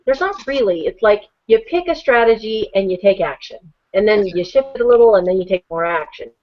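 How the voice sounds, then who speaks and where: A woman's voice: mid-range voice, expressive, fairly quick. Upbeat urging woman, muffled audio. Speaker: co-host. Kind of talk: casual chat.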